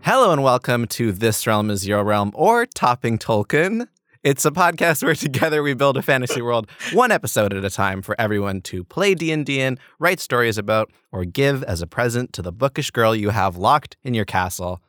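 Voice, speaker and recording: A man's voice: mid-range voice, very animated, moderate pace, fairly bright tone, no room sound, studio quality. A man co-hosting a fantasy world-building podcast, chatting in a playful, giggly, rambling way. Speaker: podcast co-host. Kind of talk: casual comedic chat.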